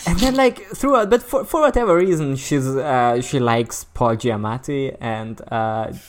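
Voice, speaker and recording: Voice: mid-range voice, lively intonation, unhurried. A podcast co-host in casual chat who rambles through a summary with many fillers.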